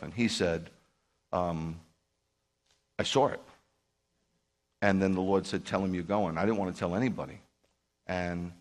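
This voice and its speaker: A man, a Messianic rabbi, telling a story to a group in an emphatic sermon style and acting out quoted dialogue. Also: lowish voice. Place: speaking live to a group.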